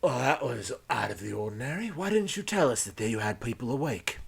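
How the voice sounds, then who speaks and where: A man voicing a gruff pirate thug. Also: mid-range voice, sing-song, brisk, a bit bright, exaggerated voice. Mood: accusing. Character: rough male pirate thug.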